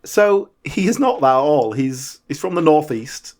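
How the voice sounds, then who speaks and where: A man's voice: on the high side, sing-song, measured pace, darkish tone. A man co-hosting a podcast, chatting casually and laughing often. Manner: chatty, laughs often, puts on comedy accents. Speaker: podcast co-host.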